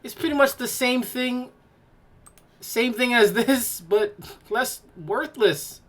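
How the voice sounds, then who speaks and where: A woman's voice: a little high, takes it slowly. A woman hosting a podcast, giving casual reaction commentary in a mocking, exclaiming way and laughing in disgust. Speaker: podcast host.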